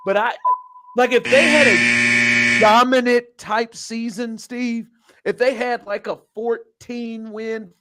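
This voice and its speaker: Animated high-voiced man, sports talk. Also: heavy background noise. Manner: animated, incredulous, quick laughs, fillers like "like". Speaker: podcast host.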